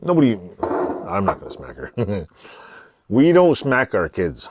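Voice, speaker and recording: A man's voice: fairly low pitch, huge pitch swings, a little slow, dull audio, noisy background. A middle-aged man chatting casually and joking with his daughter in his home garage workshop. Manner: joking, laid-back, laughs often. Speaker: channel host. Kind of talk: casual chat.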